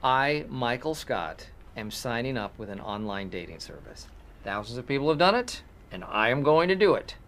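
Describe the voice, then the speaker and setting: A man's voice: mid-range voice, very animated, normal speed, a bit bright. An actor playing a bumbling, self-assured male office boss who makes pompous, earnest announcements in sitcom dialogue. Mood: self-important.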